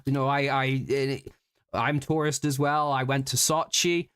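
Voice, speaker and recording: A man imitating a cheerful older male taxi driver, a former soldier, who speaks excited broken English. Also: medium pitch, unhurried, smooth, no room sound, voice pushed up, lightly acted.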